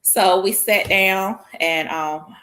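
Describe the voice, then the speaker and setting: Animated woman telling a story. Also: takes it slowly. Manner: animated, laughs often, acts out her own quotes in a high voice. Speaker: guest telling her proposal story. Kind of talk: casual storytelling chat. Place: small church show studio.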